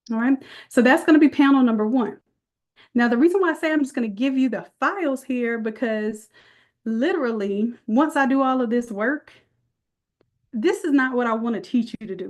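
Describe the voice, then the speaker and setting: A woman's voice: a little high, a little mellow. A woman leading a live online design class, chatty and folksy, calling her viewers y'all as she walks through the steps. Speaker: design instructor.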